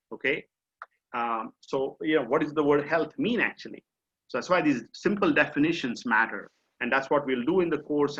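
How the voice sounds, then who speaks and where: A man's voice: mid-range voice, fairly bright tone. A middle-aged man with an Indian accent, teaching an online mindfulness session in a conversational, explanatory way with frequent fillers. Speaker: mindfulness coach. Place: home or office on a video call. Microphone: video call. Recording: dull lo-fi video call audio.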